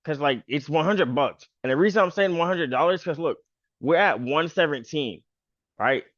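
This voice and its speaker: A man's voice: on the high side, lively intonation, normal speed, a bit bright, no room sound, lo-fi sound. A man hosting a casual stock chart walkthrough, talking loosely with lots of fillers like "pretty much" and "bro". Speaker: stock trader and channel host.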